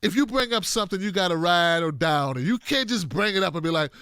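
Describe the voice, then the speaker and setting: High, bright-voiced emphatic male commentator. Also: expressive, fast, clean tone, no echo, clean studio sound. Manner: blunt, profane, talks straight to viewers. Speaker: political commentator.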